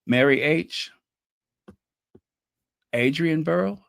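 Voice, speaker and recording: Speaking slowly with vocal fry at medium pitch, a channel host gossips and teases viewers during a casual livestream. They often lose the thread while searching for names and laugh at their own jokes, all on a dry recording.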